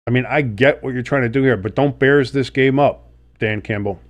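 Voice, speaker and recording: A man's voice: mid-range voice, moderate pace. A man with a sick, sniffly voice doing play-by-play commentary and reactions, blunt and swearing freely, jumping up on big plays. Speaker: sports streamer.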